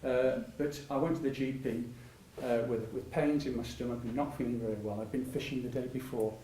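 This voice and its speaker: A man's voice: medium pitch, fairly even intonation, a little fast, warm tone, a little hiss or hum. An older man, telling stories in a public talk, rambling with many restarts and frequent laughter. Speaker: patient speaker at a public talk. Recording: echoey hall, mic at a distance.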